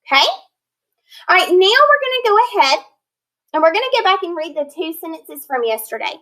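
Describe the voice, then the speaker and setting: A woman teacher leading a phonics lesson, sounding out words slowly and clearly, patient and encouraging. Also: very high-pitched, big pitch swings, bright, forceful tone, poor audio. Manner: slow, clear modeling of words.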